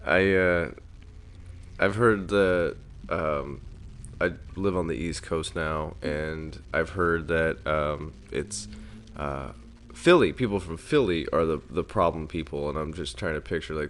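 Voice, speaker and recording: A man's voice: a bass voice, unhurried, fairly bright tone. A man co-hosting a film podcast, rambling and hesitant with lots of fillers. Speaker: podcast co-host. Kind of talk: casual chat.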